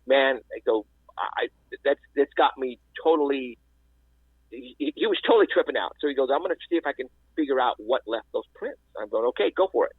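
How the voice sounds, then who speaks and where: A man, calling into a radio show and telling a story in a rambling, animated way with lots of restarts. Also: mid-range voice, no room sound. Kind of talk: casual storytelling. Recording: dry, husky phone-line audio.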